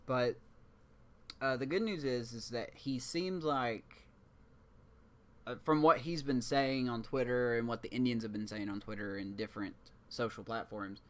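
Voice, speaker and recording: A man's voice: mid-range voice, unhurried. A man co-hosting a sports podcast in loose, rambling, jokey casual chat. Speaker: podcast co-host.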